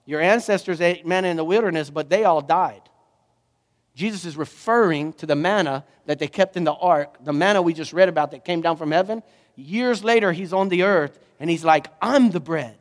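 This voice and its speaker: High-voiced preaching man, echoey church. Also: brisk. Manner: animated preaching, rising to emphatic questions. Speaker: pastor. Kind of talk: sermon.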